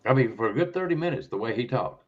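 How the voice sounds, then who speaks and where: A man's voice: mid-range voice, expressive, fast. A man hosting a podcast who talks in a rambling way, repeating words and checking in with "okay?" as he goes. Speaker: host. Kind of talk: conversational podcast talk. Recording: dull lo-fi audio.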